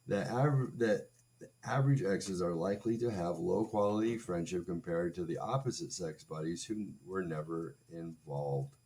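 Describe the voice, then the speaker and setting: This livestream host is a man in his forties whose voice sits low with a darkish tone. Sarcastic and rambling, he tells a crude funny story and keeps poking fun at himself along the way.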